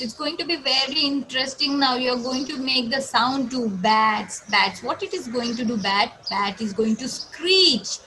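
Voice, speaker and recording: Slow-speaking Indian woman teacher. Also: a little high, pushed and bright, slight background noise, rough recording. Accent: Indian English. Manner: slow, sing-song and explaining, imitates animal sounds. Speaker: schoolteacher. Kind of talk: online English lesson for young children.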